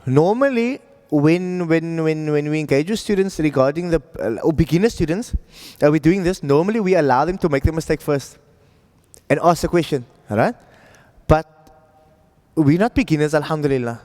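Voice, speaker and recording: A man's voice: fairly high pitch, moderate pace, a little mellow, long reverb tail. A man teaching an Arabic reading class, talking patiently and checking in with his students often. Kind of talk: classroom lesson.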